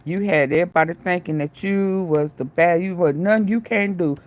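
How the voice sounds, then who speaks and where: A woman's voice: lowish voice, fairly quick, hardly any pauses. A woman giving casual livestream commentary in a sassy, scolding way, laughing often. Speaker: commentary vlogger.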